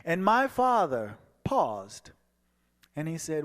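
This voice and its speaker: A man giving a personal testimony as a guest speaker, telling his story and acting out the dialogue, moving from hushed passages to soaring ones. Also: mid-range voice, animated, unhurried, long pauses. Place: church sanctuary. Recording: long hall reverb.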